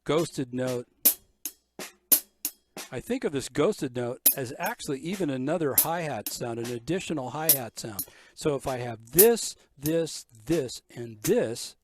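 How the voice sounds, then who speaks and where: In an animated mid-range voice, an older drum teacher keeps a moderate pace with few pauses, explaining ideas step by step and counting beats during a drum clinic. The drum kit's music plays behind him.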